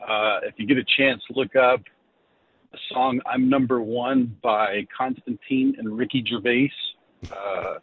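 A man's voice: medium pitch, fairly even intonation, measured pace, a little hiss or hum. A man calling in to a radio show, friendly and a little hesitant. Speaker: caller. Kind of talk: phone-in call. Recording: tinny phone line.

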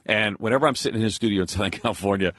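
A man, a radio host, bantering and teasing his colleague on air with sudden jumps in pitch. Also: racing, fairly bright tone, no echo, clean studio sound.

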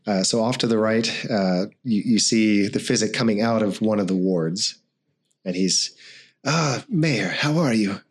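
A man's voice: lowish voice, fairly even intonation, normal speed. A man narrating as game master, hesitant and full of fillers.

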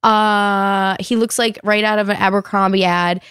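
A woman in her thirties chatting casually, telling lively stories full of "like" and acting out what people said. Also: medium pitch, unhurried, clean tone, no room sound, studio quality. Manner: animated storyteller, heavy "like", acts out quotes. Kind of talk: casual chat.

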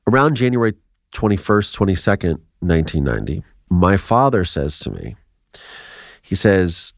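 A man in his forties from Ohio, telling his life story as a podcast guest in an animated way, acting out quotes and laughing between lines. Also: sits low, normal speed, creaky, no room sound, clean studio sound. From Ohio, USA.

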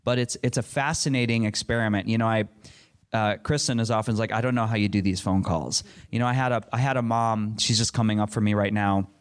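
A man's voice: on the low side, fairly even intonation, brisk, smooth. A middle-aged man answering a panel question in an earnest, rambling way, with frequent restarts. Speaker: panel speaker.

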